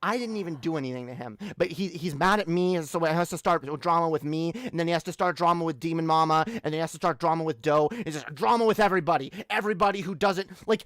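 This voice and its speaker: A woman's voice: low voice, fast, few pauses, no echo. Woman, stream host, angry ranting, swearing, dry sound. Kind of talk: live stream talk.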